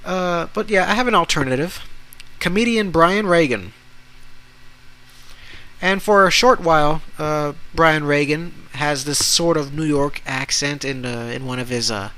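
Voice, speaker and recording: A young man hosting a casual solo podcast, talking haltingly with many restarts. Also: a little high, sharp tone, poor audio. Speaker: podcast host.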